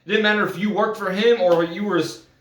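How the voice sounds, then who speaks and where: A man ranting casually to the camera, heated and swearing, with many halting restarts. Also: high voice, fairly even intonation. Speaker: vlogger. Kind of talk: casual profane rant. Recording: roomy echo.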